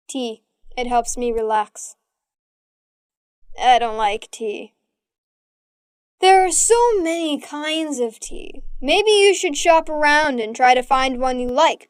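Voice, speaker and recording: A woman teaching English, reading short everyday dialogues aloud, taking both parts, in a clear, careful way for learners to repeat. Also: high-pitched, no room sound, clean studio sound.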